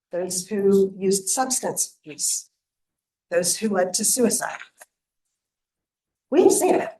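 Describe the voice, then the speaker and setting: A woman delivers a prepared conference speech in an earnest, rallying way. Her voice sits somewhat low. The sound is roomy and a little distant, as if caught from across a hall. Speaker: nonprofit program leader giving opening remarks. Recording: echoey room, voice from a distance.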